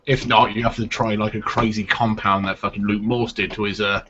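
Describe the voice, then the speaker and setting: Low-voiced man, hesitant, muffled lo-fi. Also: little pitch movement, a little fast, pushed and bright, a little hiss or hum. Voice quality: hesitant, restarts sentences. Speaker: podcast co-host. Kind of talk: casual chat. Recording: muffled lo-fi live stream audio.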